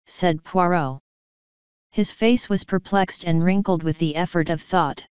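A woman narrating an audiobook in a steady, measured reading voice. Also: lowish voice, smooth, dry recording. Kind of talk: scripted narration. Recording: dull dry recording.

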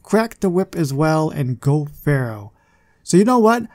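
A man's voice: a little high, sing-song, unhurried, darkish tone. A man hosting a gaming channel, giving casual gameplay commentary in a chatty, self-deprecating way with muttered asides.

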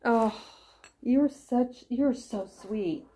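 A woman's voice: a little high, drawn-out words, warm tone, slightly rough. A middle-aged woman chatting casually as she unboxes gifts on her crochet vlog, gushing and thinking aloud. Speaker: crochet vlogger.

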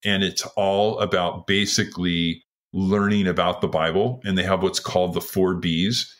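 In a low voice with fairly even intonation and a moderate pace, a retired Washington State firefighter in his sixties earnestly shares his story during an interview. He acts out what others said along the way.

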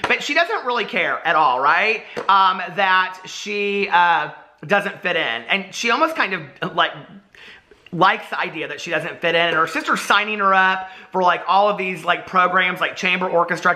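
A man in his forties talks through a book review in a casual, chatty vlog. His voice is bright and forceful. He keeps up an animated, rambling flow full of asides. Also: high-pitched. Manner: animated and chatty, lots of "like" and laughter.

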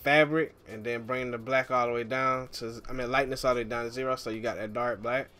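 A man casually walking viewers through a game tutorial, relaxed and chatty, often calling the listener "man". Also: medium pitch, a little fast, soft background music. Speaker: gaming YouTuber.

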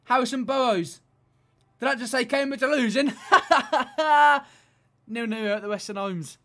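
A young man commentating his own football video game match, excitable and shouting at the referee. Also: very high voice, fairly quick. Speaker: gaming YouTuber.

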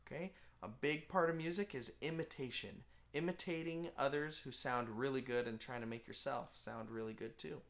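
A man's voice: mid-range voice, normal speed, gravelly, hardly any pauses, fairly bright tone. Male music teacher, patient and plain-spoken, casual beginner lesson. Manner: patient, explains simply with fillers. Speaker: band teacher.

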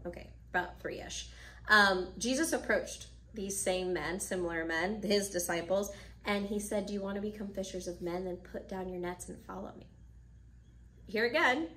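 A woman teaching children at church, reading a Bible story and then explaining it, acting out the characters' lines as she goes. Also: mid-range voice.

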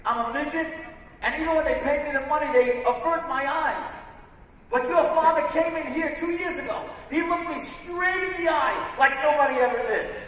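A man voicing a grateful male gas station attendant in a story, talking loud and pleading. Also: very high voice, normal speed, voice pushed up. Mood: impassioned. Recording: echoey hall from far off.

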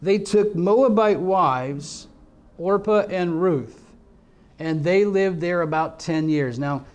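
A man's voice: sits high, slow pace, lo-fi sound. Earnest middle-aged male preacher. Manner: earnest storytelling, many restarts, shifts from quiet to emphatic. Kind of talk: sermon.

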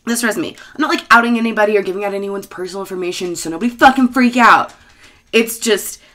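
A woman's voice: mid-range voice, quick pace, fairly bright tone. Woman vlogger, mid-range voice, swears freely, sarcastic rant to camera. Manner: profane, sarcastic ranting.

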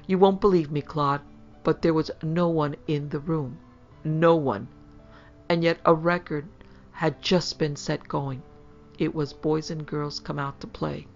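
A woman voicing a nervous, frightened wife. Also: sits low. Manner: hushed, anxious. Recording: slightly dull lo-fi sound.

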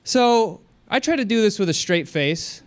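Male stand-up comic, high-pitched voice, very lively intonation, animated storytelling, comedy club stage. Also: measured pace, clear, resonant tone. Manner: animated storytelling, jumps to high excited delivery, breaks into laughter.

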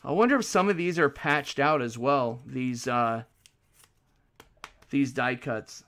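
A man hosting a hockey card break, calling out each card loudly and then muttering quieter asides to viewers. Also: mid-range voice, slow pace. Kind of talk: casual card-break commentary.

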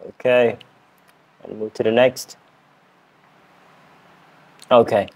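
Slow, self-laughing man practicing an accent. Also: mid-range voice, animated, a little mellow. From Cambodia. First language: Khmer. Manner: repeats words again and again, laughing at himself. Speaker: English teacher and channel host. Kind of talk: casual accent practice lesson.

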